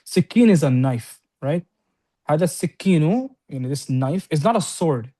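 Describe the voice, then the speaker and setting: A man teaching an Arabic lesson to a class, explaining quickly and often checking in with "right?". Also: fairly high pitch, lively intonation, warm tone. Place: classroom with students on-site and online.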